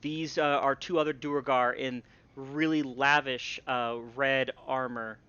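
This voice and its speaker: A man's voice: mid-range voice, steady tone, measured pace, sharp tone, clear, resonant tone, dry recording. A man narrating a tabletop game as game master, casual and rambling with many fillers. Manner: rambling, lots of fillers and restarts. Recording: dull lo-fi stream audio.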